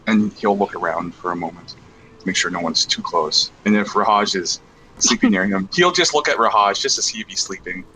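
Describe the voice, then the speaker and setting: A man's voice: fairly low pitch, expressive, moderate pace, vocal fry, sharp tone, slight background noise, rough recording. A man who is a tabletop game player, describing his character's actions in a careful, explanatory way.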